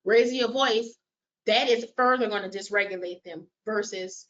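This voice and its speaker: A woman's voice: mid-range voice, normal speed. A woman presenting a caregiver training workshop, explaining concepts and asking the audience questions. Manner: animated, quizzes audience with show of hands. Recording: dull lo-fi sound.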